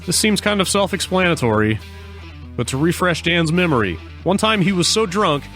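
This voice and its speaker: A man's voice: high-pitched, very animated, moderate pace, fairly bright tone, faint music behind. Wry man hosting a podcast. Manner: dry, wry interjections. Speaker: podcast host. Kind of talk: casual chat.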